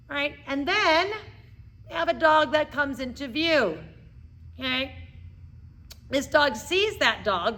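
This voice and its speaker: A woman's voice: high voice, bright, forceful tone. A middle-aged woman dog trainer explaining behavior terms in a casual teaching talk, often checking in with "okay?". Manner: explains with hand puppets, frequent "okay?" check-ins.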